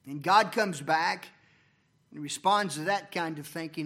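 Preacher guy, high voice, goes loud then drops way quiet, church sermon. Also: measured pace. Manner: preaching with sharp swings from loud emphasis to near-murmurs.

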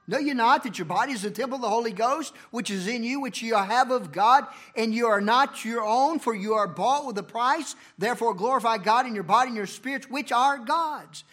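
Male preacher, high-pitched, dynamic delivery with big loud-to-soft swings. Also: fairly quick. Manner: preaching with sharp swings from loud emphasis to near-murmurs. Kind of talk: sermon. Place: church.

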